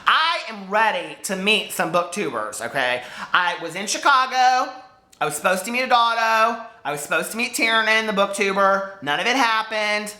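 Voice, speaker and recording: A man's voice: sits high, expressive, moderate pace, pushed and bright, roomy sound. A man chatting casually to camera as a book vlogger, rambling and jumping between topics.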